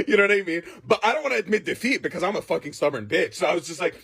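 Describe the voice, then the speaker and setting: A man telling a casual storytime vlog in a profane, animated way, laughing as he goes. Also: fairly high pitch, quick pace, hardly any pauses, breathy edge. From Jordan.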